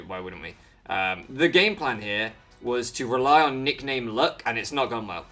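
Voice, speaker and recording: Rambling self-mocking man over soft music. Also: mid-range voice. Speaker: Pokémon video creator. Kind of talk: casual rambling commentary over gameplay.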